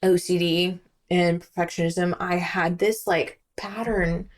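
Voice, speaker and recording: A woman's voice: fairly low pitch, little pitch movement, unhurried. A young woman sits as a podcast guest and chats casually. She tells her story with animation and slips into voices for her own remembered words. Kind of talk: casual chat.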